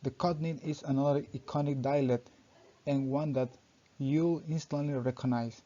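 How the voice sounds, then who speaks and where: Young male student reading his presentation, mellow voice, careful and halting, muffled lo-fi sound. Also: medium pitch, steady tone. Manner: halting reading, often restarting sentences with "so". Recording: dull lo-fi recording.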